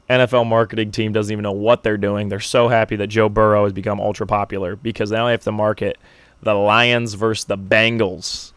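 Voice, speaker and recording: A young man with a fairly low voice hosts his own sports podcast, ranting through his picks in a brash, joking, hyped-up way. The sound is dry and close, with no room around him. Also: fairly bright tone, clear, resonant tone, no room sound. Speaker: podcast host. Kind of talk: solo sports prediction podcast.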